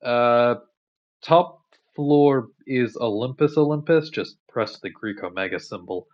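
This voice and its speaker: A man voicing a bored, sassy male doorman for the gods, talking in a weary, deadpan drawl. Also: medium pitch, measured pace, lo-fi sound, natural voice.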